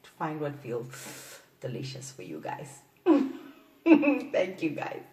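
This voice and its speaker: A woman hosting a playful sex-advice talk, often giggling and letting out drawn-out "ooh"s. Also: low-pitched, huge pitch swings, a little mellow, distant mic. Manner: giggly, playful, breathy exclamations. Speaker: host. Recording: echoey room, off-mic.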